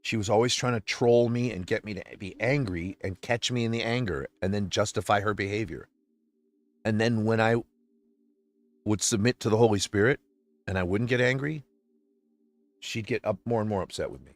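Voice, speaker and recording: An upset livestream host delivers an emotional personal monologue, venting passionately and swinging between quiet and loud. He has a lowish voice at a moderate pace, with no echo.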